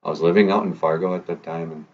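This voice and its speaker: A man's voice: low-pitched, fairly even intonation, fast, far from the mic. A man hosting a casual language lesson podcast, joking around in a playful way and singing little bits with his guitar. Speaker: podcast host. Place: northern Minnesota. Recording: muffled lo-fi recording with faint guitar.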